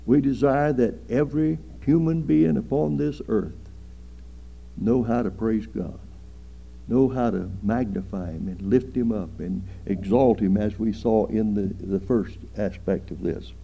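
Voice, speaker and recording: A man preaching a sermon slowly and earnestly, drawing out phrases and rising for emphasis. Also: fairly low pitch, creaky. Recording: dull lo-fi sermon recording.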